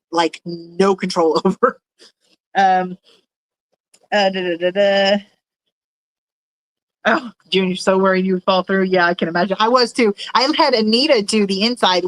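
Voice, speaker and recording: At home in a room full of fish tanks, a woman livestreams casually, reading chat and drifting from thought to thought with frequent fillers and laughs. Her middle-pitched voice is fairly bright, and the sound is dry and close with no room echo.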